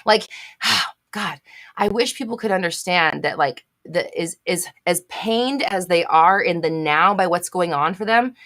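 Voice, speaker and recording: A woman with a slightly low voice hosts a live question-and-answer stream. She reads out comments from viewers and answers them in a blunt, emphatic way, repeating her points and swearing freely. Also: a bit bright.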